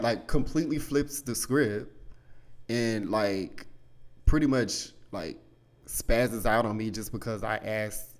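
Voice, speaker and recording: Low-voiced man rambling candidly. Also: takes it slowly. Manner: rambling, heavy use of "like" and "you know"; candid, swears casually. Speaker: podcast host. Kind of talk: casual personal storytelling.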